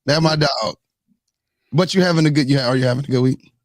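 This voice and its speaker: A man hosting a podcast, chatting casually and teasing his co-hosts in a relaxed, joking way. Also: medium pitch, quick pace, dry recording, clean studio sound. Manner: joking, teasing, laid-back. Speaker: podcast host. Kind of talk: casual chat.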